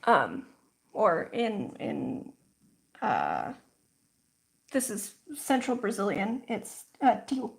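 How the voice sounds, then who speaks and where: Brief: woman host, relaxed slow pace, chatty stream talk full of "like"s. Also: medium pitch, vocal fry. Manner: chatty, frequent "like" fillers, storytelling; slow, thoughtful explaining. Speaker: livestream host. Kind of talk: casual livestream chat.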